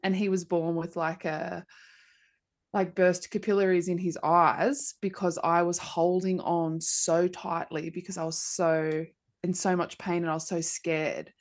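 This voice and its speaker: Speaking unhurriedly in a lowish voice, a woman in her thirties who hosts a podcast shares a personal story. The talk is casual, with animated storytelling and plenty of filler words.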